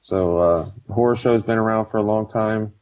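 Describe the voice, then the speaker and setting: A man co-hosting a podcast in casual chat, relaxed, with many filler sounds. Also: on the low side, moderate pace. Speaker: podcast co-host. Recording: slightly dull podcast audio.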